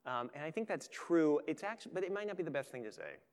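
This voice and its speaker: A pastor preaching a sermon with earnest emphasis that swells and then turns quiet and intimate. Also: male voice, a little high, very animated, fast. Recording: long hall reverb.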